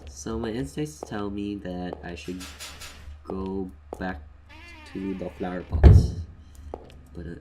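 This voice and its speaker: A man giving casual, joking game commentary, swinging between mumbles and loud outbursts. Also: deep voice, fairly even intonation, slow, long pauses, loud music behind the voice. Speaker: let's play gamer.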